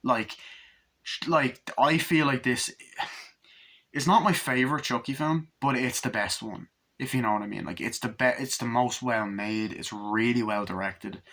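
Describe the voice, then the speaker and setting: A man's voice: medium pitch, normal speed, a bit bright. Rambling, enthusiastic male movie reviewer. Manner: enthusiastic, rambling, swears freely.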